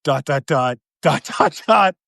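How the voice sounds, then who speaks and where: A man hosting a podcast, telling a long dating story in a casual, animated way, acting out the quotes with big swings in pitch and volume. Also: slow, vocal fry, dry recording, studio quality. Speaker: podcast host.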